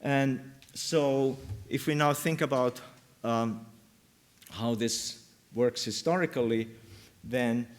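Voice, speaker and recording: An older man giving an academic linguistics talk at a conference in a university lecture room, pausing often with "um" and "uh" and lifting his pitch on key terms and examples. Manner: hesitant, many "um" and "uh" fillers.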